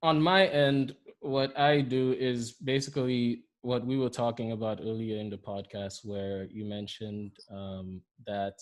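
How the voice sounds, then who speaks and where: A man's voice: mid-range voice, little pitch movement, unhurried, few pauses. A man from Saint Lucia with a Saint Lucian accent, telling stories animatedly in a casual podcast chat and often laughing as he talks. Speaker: podcast co-host.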